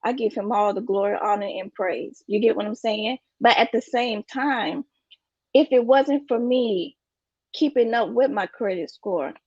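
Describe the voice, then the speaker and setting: A woman's voice: fairly high pitch, measured pace, darkish tone, breathy edge, dry recording, highs cut off. A woman giving an emphatic, preachy motivational talk about finances, repeating her catchphrases. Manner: preachy, repeats "you get what I'm saying". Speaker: guest speaker on finances.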